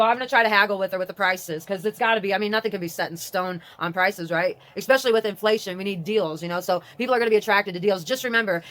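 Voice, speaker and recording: An adult vlogger with a grown daughter talks casually in a mid-range voice and reads aloud from a website. Her talk rambles and interrupts itself, swinging between excitement and mourning.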